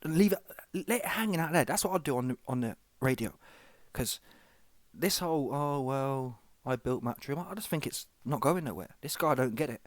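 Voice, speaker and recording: A man's voice: a little high, animated, a little fast, no room sound. A man hosting a comic reaction commentary, slangy and rambling, often asking "yeah?" and "see that one?". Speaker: comedy reaction host.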